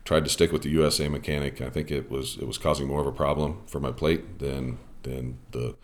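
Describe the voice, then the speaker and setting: A man's voice: a bass voice, fairly even intonation, a little fast. A man hosting a podcast, chatting casually and telling a rambling umpiring story with lots of ums and uhs. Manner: rambling storytelling with many fillers. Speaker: podcast host and softball umpire.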